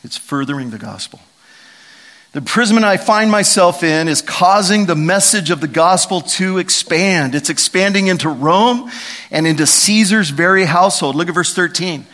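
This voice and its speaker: Pastor type, middle-aged man, slightly high voice, preaches with lively storytelling swings. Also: normal speed. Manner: animated, storytelling, lively emphasis and dramatic vocal swings. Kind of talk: sermon.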